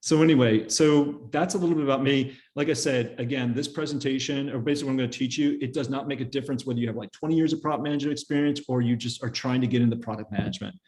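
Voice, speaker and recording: Fast-talking chatty man lecturing. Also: mid-range voice, darkish tone. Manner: fast, chatty storytelling with fillers and laughs. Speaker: guest speaker teaching interview skills. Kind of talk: casual lecture with slides.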